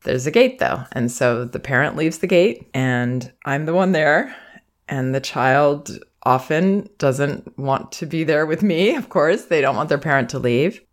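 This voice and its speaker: A woman parenting educator giving calm, reflective advice in a monologue, sometimes acting out soothing phrases meant for a child. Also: low-pitched, unhurried. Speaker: parenting educator and podcast host.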